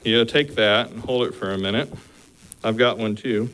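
A man's voice: fairly low pitch, normal speed, a bit bright, smooth, rough recording. A male preacher delivering a sermon with earnest exhortations, working through numbered points and then telling a story.

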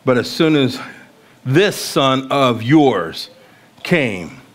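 A man's voice: mid-range voice, sing-song, extremely slow. A man preaching a sermon. He reads scripture aloud and talks plainly, with emphatic questions in places. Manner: conversational, rises to emphatic questioning.

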